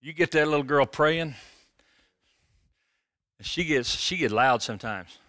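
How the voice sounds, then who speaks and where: A middle-aged man preaching a sermon as a pastor, animated and conversational, with jokes. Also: a little high, measured pace, dry recording, clean studio sound.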